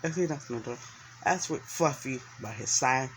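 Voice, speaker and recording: A man telling a story he makes up as he goes, in a middle-pitched voice. He rambles, circles back and restarts his sentences, filling gaps with "you know" and "uh." His voice stays plain and unhurried throughout. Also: fairly bright tone, a little hiss or hum, poor audio. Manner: rambling, full of restarts and fillers. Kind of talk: improvised story narration.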